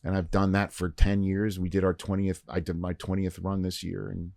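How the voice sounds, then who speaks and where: A man on a podcast as a guest, telling a long story in casual chat and acting out the quoted lines with lively shifts. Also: sits low, moderate pace, vocal fry, no echo, clean studio sound. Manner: animated storyteller, acts out quoted dialogue. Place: podcast studio.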